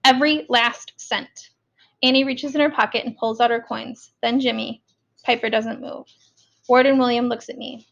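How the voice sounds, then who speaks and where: A woman narrating an audiobook in the first person, in an even, measured storytelling manner. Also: a little high, gravelly, lo-fi sound.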